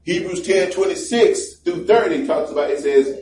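A man's voice: on the high side, expressive, fairly quick, mellow. A man preaching from the pulpit, loose and conversational, slipping into small acted voices to make his points. His voice reaches the mic from some way off, bouncing around a roomy church with a faint hum underneath. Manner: conversational and joking, acts out little voices. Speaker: pastor. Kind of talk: sermon. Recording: roomy, distant mic with faint background noise.

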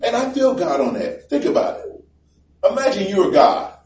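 Joking preacher in a roomy hall. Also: male voice, high-pitched, big pitch swings, normal speed, a little mellow. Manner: conversational and joking, acts out little voices. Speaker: pastor. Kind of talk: sermon. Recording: roomy, distant mic with faint background noise.

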